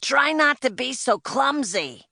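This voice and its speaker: A woman voicing a loud, bossy, stout man in charge, gruff and barking threats and orders in an audiobook. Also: on the high side, sing-song, takes it slowly, no room sound, clean studio sound, pitched above the performer's own voice, full character voice. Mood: bossy shouting. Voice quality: gruff, shouting.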